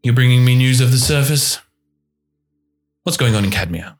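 A man's voice: medium pitch, normal speed, voice pushed up, close to an everyday voice. A man voicing a vain, flamboyant elven pirate captain who talks theatrically. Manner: theatrical, grandly welcoming.

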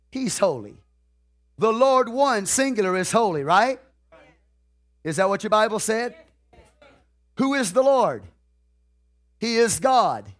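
A man with a high voice preaches a sermon, drawing out key phrases deliberately as he repeats them and posing questions to the congregation.

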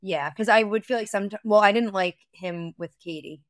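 A woman with a mid-range voice co-hosts a podcast, chatting briskly and casually in a reality-TV recap. She often says "like" and circles back mid-thought. The sound is studio quality with no room sound.

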